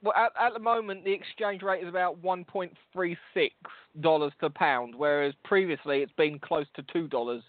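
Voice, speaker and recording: A man's voice: high-pitched, moderate pace, few pauses, dry recording. A man with a London accent co-hosting a podcast, teasing and swearing in rambling casual banter. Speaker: podcast co-host. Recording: tinny phone-like line, dry.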